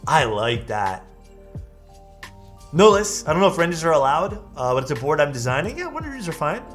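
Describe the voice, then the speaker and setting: A man's voice: fairly high pitch, big pitch swings, moderate pace, a bit bright, soft background music. A man casually commenting on viewers' keyboard photos during a live stream, easygoing and full of praise. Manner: enthusiastic, easygoing, lots of praise.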